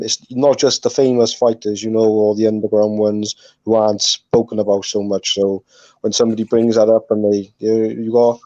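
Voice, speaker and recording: A man's voice: mid-range voice, warm tone, no room sound. A man talking on a live stream, earnest and hesitant, with lots of ums. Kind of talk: casual chat. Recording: dry, dull lo-fi call audio.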